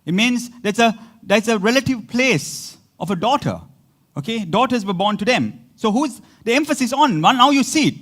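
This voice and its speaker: A high-pitched man preaches with great animation, hammering words by repeating them. He drops into laughing asides between points, sounding like a pastor delivering a sermon to his congregation. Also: fairly bright tone.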